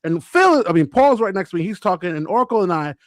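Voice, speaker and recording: Lively high-voiced storytelling man. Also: fast, dry recording, studio quality. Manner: animated storyteller, acts out quotes. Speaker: podcast co-host. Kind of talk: casual group chat.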